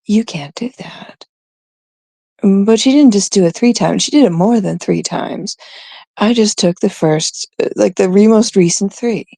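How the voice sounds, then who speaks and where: A woman's voice: medium pitch, moderate pace, creaky, warm tone, dry recording. A woman from Canada hosting her own livestream, talking in a gossipy, confiding, rambling way. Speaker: streamer, host of her own show. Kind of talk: casual livestream chat.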